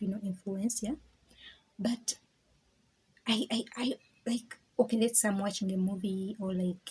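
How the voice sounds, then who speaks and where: Vlogger, woman, very husky mellow voice, thoughtful rambling talk with laughs and hushed asides. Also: mid-range voice, rough recording. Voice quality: very breathy, husky. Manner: rambling, laughs often, stammers and repeats words; drops into whispers. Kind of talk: casual reflective monologue.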